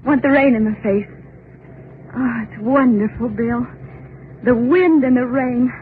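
A woman playing a high-voiced young bride. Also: measured pace, slight background noise, close to an everyday voice. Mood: tender. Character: young bride, giddy and tender. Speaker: young newlywed wife. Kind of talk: 1930s radio acting. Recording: tinny old radio recording with music.

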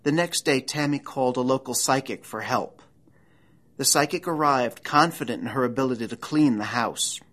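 A man's voice: medium pitch, fairly bright tone. Man narrating a dramatic true story. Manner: measured, dramatic storytelling delivery. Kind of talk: scripted documentary narration.

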